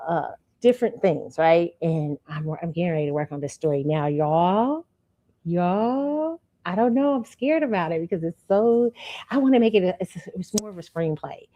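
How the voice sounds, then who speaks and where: A woman hosting her show, telling a personal story in a casual, animated way and calling her listeners y'all. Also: fairly low pitch. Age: adult student. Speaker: show host.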